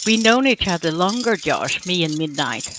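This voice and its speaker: A woman's voice: on the low side, very animated, moderate pace. Swedish woman reading chat aloud. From Sweden. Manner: reads chat comments aloud, chatty. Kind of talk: casual live-stream chat. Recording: noisy live-stream audio.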